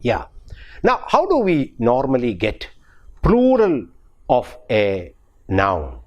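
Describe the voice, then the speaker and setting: A male professor with a Malayali English accent delivers a slow, deliberate lecture on pronunciation. His pitch rises and falls in a lively way, and he often repeats and restarts his phrases. He spells out example words letter by letter. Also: lo-fi sound. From Kerala, India.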